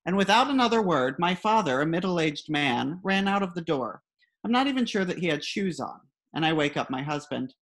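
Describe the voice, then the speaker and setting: A woman's voice: on the low side, animated, a little fast. A woman reading her own comic personal essay aloud in a wry, dry storytelling manner.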